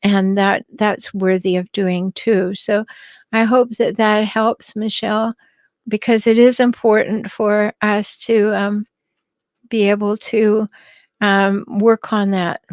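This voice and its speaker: A middle-aged woman hosting a podcast, calmly answering listener questions with advice and the odd light laugh. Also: mid-range voice, takes it slowly, no echo. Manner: calm, advising, light laughs, some restarts. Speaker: podcast host and relationship advisor.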